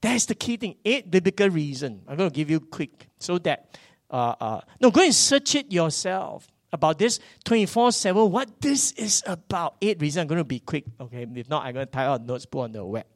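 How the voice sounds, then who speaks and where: A man, preaching a sermon that swings from loud bursts to hushed asides. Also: on the high side, animated, normal speed, dry recording, clean studio sound. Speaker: pastor.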